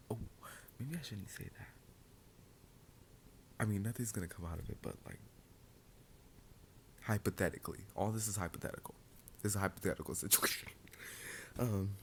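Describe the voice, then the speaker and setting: A young man telling a casual, profane story in a soft-spoken, half-whispered ASMR role-play, breaking into sudden loud outbursts. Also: mid-range voice, vocal fry, a little hiss or hum.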